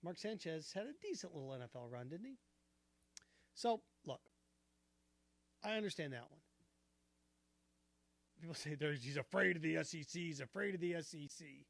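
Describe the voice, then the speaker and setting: Sports talk host, male, high-pitched, punchy and argumentative, close dry mic. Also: normal speed, gravelly, long pauses, no echo. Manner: animated, argumentative, rhetorical questions. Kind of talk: opinionated sports commentary.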